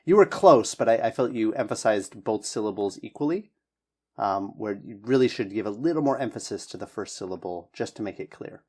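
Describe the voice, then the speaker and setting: Man giving relaxed spoken feedback. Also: lowish voice, husky. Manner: encouraging, hedging, many "um"s. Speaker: English teacher giving speaking feedback.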